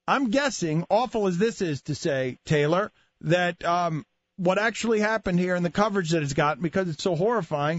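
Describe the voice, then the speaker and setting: A man's voice: sits high, dry recording, muffled recording. A man hosting a sports radio show, joking around and riffing between guests. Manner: joking, riffs into silly voices. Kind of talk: casual sports radio banter.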